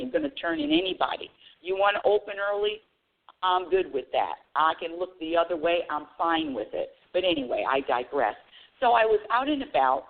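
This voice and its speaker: A woman radio show host telling a casual, animated story about her week, with bursts of high excited squeals. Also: gravelly. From United States. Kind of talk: casual spiritual talk monologue. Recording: tinny phone-line audio.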